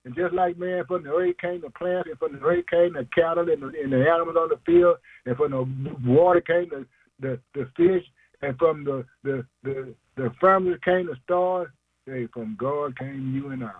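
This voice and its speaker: A man's voice: on the high side, moderate pace, no room sound, narrow, tinny audio. A man preaching an informal sermon, emphatic and slangy, asking questions and answering them himself, chuckling often.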